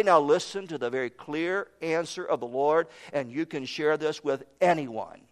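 A man preaching a sermon, emphatic, with his voice swinging between loud proclaiming and quiet drops. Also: a little high, lively intonation, normal speed, few pauses. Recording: long hall reverb.

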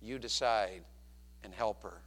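A man preaching a sermon as a pastor, animated, swinging from loud to hushed. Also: lowish voice, measured pace.

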